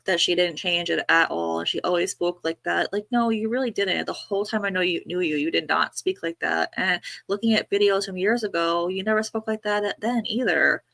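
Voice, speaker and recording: A woman's voice: lowish voice, vocal fry, a bit bright, no room sound. A woman from New York co-hosting a livestream, chatting casually and gossiping with lots of fillers. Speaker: livestream co-host.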